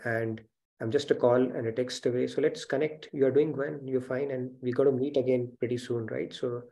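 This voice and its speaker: A man's voice: mid-range voice, creaky, dark tone. A man hosting an online spiritual class over a video call, talking in an encouraging, reassuring way. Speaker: spiritual teacher and session host. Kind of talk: casual online class talk.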